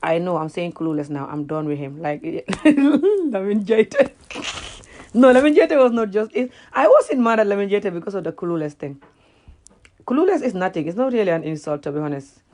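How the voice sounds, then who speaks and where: Animated Gambian woman ranting with laughs. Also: on the low side, fast talker. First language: Wolof. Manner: animated, laughing at herself, repeating words. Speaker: vlogger. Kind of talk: casual reaction rant.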